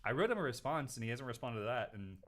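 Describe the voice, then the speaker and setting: A man hosting a casual question-and-answer show, telling stories in an animated way and sometimes acting out other people. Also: quick pace. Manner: animated storytelling, mimics people in high voice. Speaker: host answering viewer questions. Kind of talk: casual chat.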